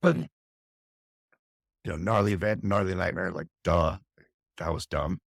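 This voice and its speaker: A man's voice: sits low, a little slow, gravelly, breathy edge, no room sound, clean studio sound. A middle-aged man, a fire captain, recounting a harrowing experience intensely and candidly in an interview, often restarting his phrases. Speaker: fire captain, podcast guest.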